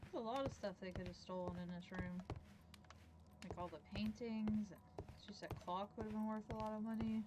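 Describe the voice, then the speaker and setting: A woman's voice: mid-range voice, steady tone, brisk, background noise. A young woman livestreaming a video game, chatting casually and thinking aloud, sometimes dropping to a mutter. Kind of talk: casual gameplay commentary.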